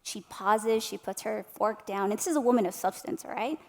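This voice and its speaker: A woman's voice: medium pitch, fairly quick, gravelly. A woman in her thirties giving a motivational keynote speech, telling stories with animation and speaking directly to the audience with tag questions. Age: 30s. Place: large hall at an arts center. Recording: long hall reverb.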